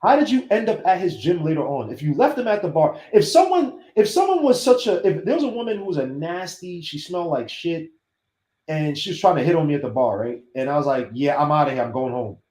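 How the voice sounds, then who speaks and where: A man's voice: on the high side, sing-song, brisk, dark tone. A man on a casual podcast, telling stories with animation and acting out the voices of people he quotes. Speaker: podcast host. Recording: roomy echo.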